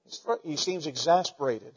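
A fairly high-voiced man preaches a sermon, folksy and animated, throwing rhetorical questions at his congregation. His voice rings with a long church-hall reverb, and the recording sounds dull and muffled. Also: normal speed, breathy edge. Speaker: pastor.

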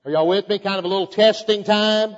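An older man preaching a fervent sermon to a congregation, calling out to them and reading scripture aloud in a measured cadence. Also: high voice, steady tone. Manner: fervent, exhorting preaching with rhetorical calls to the congregation. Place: church hall before a congregation. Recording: echoey hall, dull lo-fi sound.

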